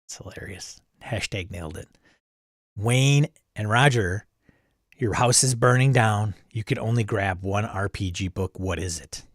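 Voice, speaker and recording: A man's voice: on the low side, measured pace, no echo, studio quality. A man hosting a livestream, casually chatting and greeting viewers by name as he reads their comments. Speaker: livestream host reading chat. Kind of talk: casual chat.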